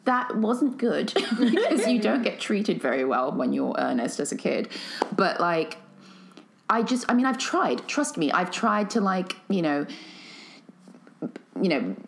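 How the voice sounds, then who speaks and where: A woman's voice: sits low, a little hiss or hum. A woman from Nigeria, a guest talking candidly and animatedly in casual conversation. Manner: candid, animated, fond of voicing quotes.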